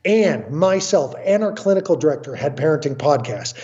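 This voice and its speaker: A man's voice: fairly high pitch, lively intonation, normal speed, warm tone, muffled recording. A man speaking as an interview guest about his work as a family counselor, blunt and emphatic, acting out what other people say. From United States. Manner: emphatic, blunt, acts out quotes. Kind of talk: animated storytelling interview.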